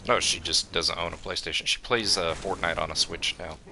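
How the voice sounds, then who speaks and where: Very deep, gravelly young man streaming a game. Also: fairly even intonation, brisk, sharp tone, a little hiss or hum. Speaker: gaming streamer. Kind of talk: casual chat while streaming a game.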